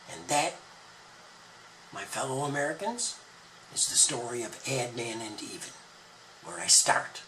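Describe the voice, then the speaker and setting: A man's voice: medium pitch, big pitch swings, measured pace, pauses often, distant mic, background noise. A man retelling an ancient story as a monologue, with playful wordplay. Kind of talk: retold scripture as a spoken monologue.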